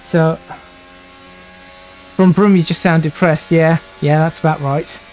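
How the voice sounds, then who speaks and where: A man's voice: on the high side, steady tone, unhurried, darkish tone, a little hiss or hum. A man in his twenties streaming a racing sim live, thinking aloud and restarting sentences while he drives. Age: 20s.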